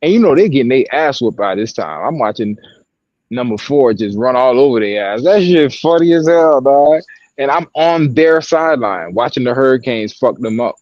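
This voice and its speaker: A man tells loose, profane stories in casual chat, his pitch leaping up and down as he acts out quotes. The sound is dry and close, with a slightly dull, muffled edge. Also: moderate pace, no room sound. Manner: profane, animated storytelling with acted quotes. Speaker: podcast co-host and sideline broadcaster.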